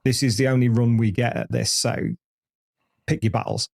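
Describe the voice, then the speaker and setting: Man, fifties, mid-pitched voice, rambling anecdotal guest, candid interview chat. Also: fairly even intonation, moderate pace, gravelly, darkish tone. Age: 50s. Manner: rambling anecdotal storyteller with frequent restarts. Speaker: podcast host, interview guest.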